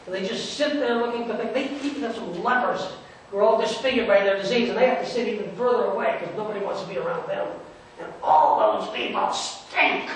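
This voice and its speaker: Performing a first-person dramatic sermon monologue in a church sanctuary, a pastor plays a high-voiced, scornful male merchant at the roadside who complains about beggars. His male voice has a fairly bright tone, and he tells the story in a sarcastic, dismissive manner. The distant mic picks up the echoey church and slight background noise.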